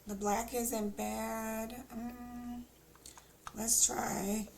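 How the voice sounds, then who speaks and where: A woman's voice: on the high side, flat delivery, extremely slow, vocal fry, a little mellow, a little hiss or hum. A woman streamer chatting casually as she plays, thinking aloud with teasing asides. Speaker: game streamer. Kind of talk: casual gameplay commentary.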